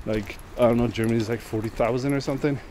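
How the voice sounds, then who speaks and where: A man's voice: mid-range voice, steady tone, quick pace, darkish tone, a little hiss or hum. A man vlogging outdoors while he walks the streets, rambling casually, thinking aloud and swearing freely. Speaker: vlogger on a long walk. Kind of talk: casual walking vlog monologue.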